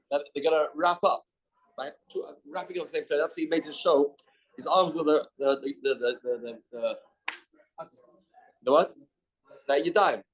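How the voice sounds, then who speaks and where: A man's voice: fairly high pitch, slightly rough. A man giving a daily Talmud class in a study hall, reading the text aloud and explaining it in English, acting out the dialogue as he goes. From Canada. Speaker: Talmud teacher.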